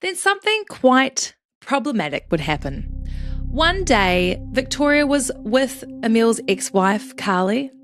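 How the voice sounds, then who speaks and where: A woman's voice: a little high, sing-song, unhurried, faint music behind. A woman hosting a true crime podcast, telling the story in a chatty, joking way with some swearing. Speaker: podcast host.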